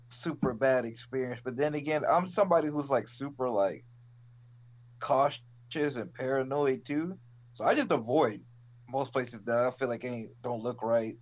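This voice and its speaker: A man's voice: mid-range voice, normal speed. A man co-hosting a podcast in casual chat, laid-back and swearing freely. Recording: dull lo-fi audio.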